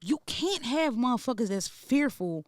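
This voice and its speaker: A man's voice: very high voice, big pitch swings, normal speed, dry recording, studio quality. A man co-hosting a podcast in casual chat, talking in a heated, profane, emphatic way. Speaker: podcast co-host.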